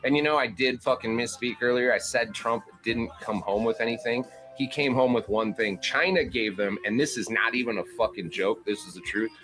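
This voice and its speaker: A man's voice: mid-range voice, a little fast, over music. A man giving heated, profane political commentary as a panel host, mocking and putting on voices when he quotes people.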